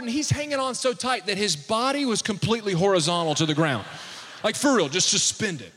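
A pastor in his thirties preaches from the sanctuary in a notably high, bright and forceful voice. He tells stories with humor, then climbs into fervent declarations. The sound hangs in the long reverb of a church hall. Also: big pitch swings, brisk. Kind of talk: sermon.

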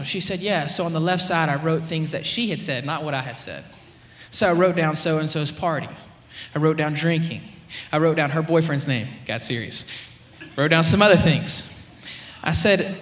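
A young man preaching, telling a story with animated swings from loud to hushed. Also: on the high side, moderate pace, a faint crowd, a little hiss or hum. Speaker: youth preacher. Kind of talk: sermon with storytelling. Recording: echoey room, faint ambience.

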